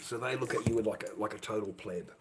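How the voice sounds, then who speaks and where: A man's voice: lowish voice, quick pace, background noise. A man with an Australian accent, rambling on a live stream in a coarse, slangy, combative way, often trailing off into mumbles. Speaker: livestreamer.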